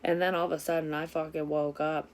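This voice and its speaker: A woman talks through a casual tarot reading vlog as a psychic reader. Her voice sits low for a woman. She tells her story candidly and swears freely. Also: flat delivery, quick pace.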